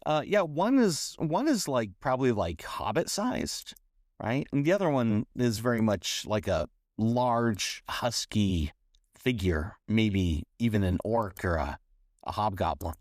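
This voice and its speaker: A man running a tabletop role-playing game, describing scenes in a halting, searching way. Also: lowish voice, lively intonation, a little mellow, dry recording, clean studio sound. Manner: halting, many fillers and restarts while describing. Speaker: game master.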